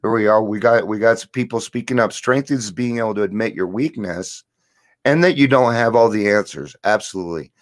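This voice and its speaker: Man, fairly low voice, recovery livestream host, casual spiritual talk, earnest, loose. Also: fairly quick. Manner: earnest, loose and swearing, laughing often.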